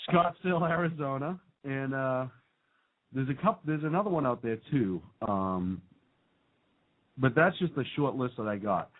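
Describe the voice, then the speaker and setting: A man's voice: mid-range voice, measured pace, long pauses. A man co-hosting a casual talk radio show, rambling and reading lists with many fillers. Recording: phone-like narrow band.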